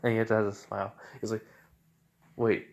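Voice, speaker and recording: A man's voice: mid-range voice, steady tone, moderate pace. A young man casually retelling a fan-made story, rambling with many fillers and restarts.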